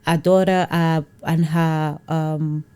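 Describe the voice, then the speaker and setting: A woman from Nigeria with a fairly low voice recounts her past as an interview guest. She tells the story in a lively way, laughs often and acts out what other people said. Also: takes it slowly, smooth. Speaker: entrepreneur guest.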